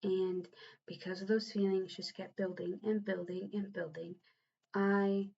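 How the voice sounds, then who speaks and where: Earnest young woman, halting confessional vlog. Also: mid-range voice, level tone, creaky, a little mellow, slightly rough. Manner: halting, earnest, with frequent restarts. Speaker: vlogger and new mother. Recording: slightly dull lo-fi recording.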